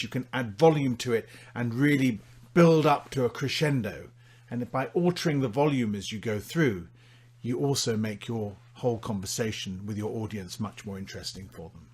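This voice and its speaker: Husky man teaching public speaking. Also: medium pitch. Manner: demonstrates his points with big swings in volume and dramatic pauses. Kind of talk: instructional presentation.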